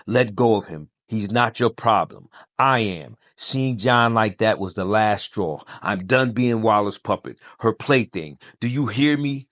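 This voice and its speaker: A man's voice: on the low side, fairly bright tone, no room sound, studio quality. A man narrating a comic book story, reading every character's lines with little change of voice between quotes.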